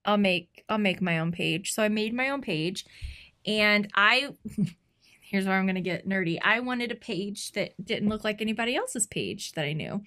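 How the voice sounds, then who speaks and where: A woman's voice: mid-range voice, normal speed. A woman in her thirties, co-hosting a podcast, telling a personal story in casual chat and acting out what people said. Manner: animated, acts out quoted lines. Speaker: podcast co-host.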